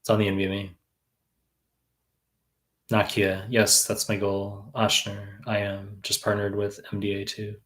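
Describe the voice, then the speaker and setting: An exam prep tutor in his thirties from New York answers viewer questions on a live stream, blunt and profane with lots of fillers. His voice is lowish, monotone, and slightly bright, with a measured pace and long pauses.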